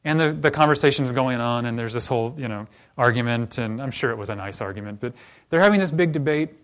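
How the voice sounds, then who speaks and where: A male pastor delivering a sermon in a mid-range voice. He talks in a storytelling way and grows quieter and slower as he moves into prayer. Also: medium pitch. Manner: storytelling, then softer and slower toward the closing prayer.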